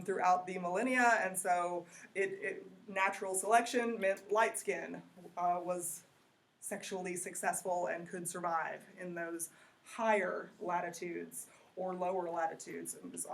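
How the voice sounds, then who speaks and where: Woman lecturing a class. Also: mid-range voice. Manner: conversational, asks the class questions. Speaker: college geography instructor.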